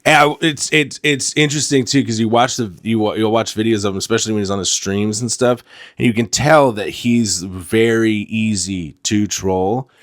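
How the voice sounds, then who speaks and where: Man, fairly low voice, joking podcast co-host, profane casual talk. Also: steady tone, normal speed, no room sound, clean studio sound. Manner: laughs often, swearing, joking. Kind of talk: casual chat.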